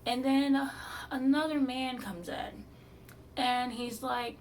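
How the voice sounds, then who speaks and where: A woman's voice: high-pitched, fairly even intonation, slow pace, recorded from a distance, a little hiss or hum. A woman vlogger telling her own surgery story in an exasperated, blunt way, swearing as she goes. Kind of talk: storytime vlog.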